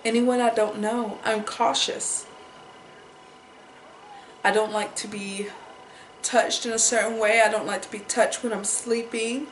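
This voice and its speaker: A woman's voice: fairly high pitch, fairly even intonation, measured pace, pauses often, roomy sound, slight background noise, low-quality recording. A young woman talking in an emotional personal vlog, upset and repeating herself as she holds back tears. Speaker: vlogger.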